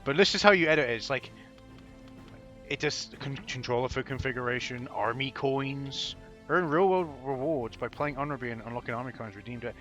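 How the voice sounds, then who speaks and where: A man with a bright, forward voice commenting casually on a video game, sarcastic and quick to swear. The audio is a bit dull and lo-fi, with faint music under it. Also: mid-range voice. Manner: profane, sarcastic, laughing asides. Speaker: gameplay commentator. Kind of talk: casual let's-play commentary.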